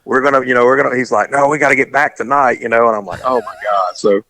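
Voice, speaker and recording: In a casual chat, a fast-talking man with a medium-pitched voice tells a story animatedly, acting out the dialogue as he goes.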